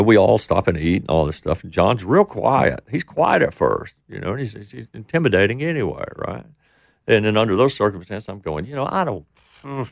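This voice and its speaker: A man's voice: medium pitch, gravelly, dry recording, studio quality. A middle-aged man telling a rambling story in casual talk, acting out the voices of the people he quotes. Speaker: interview guest.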